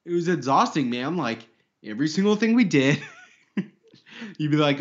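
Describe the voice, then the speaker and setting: A man's voice: a little high, lively intonation, normal speed, pauses often, dull audio. A man co-hosting a podcast in casual banter, joking, laughing often and swearing. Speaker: podcast co-host.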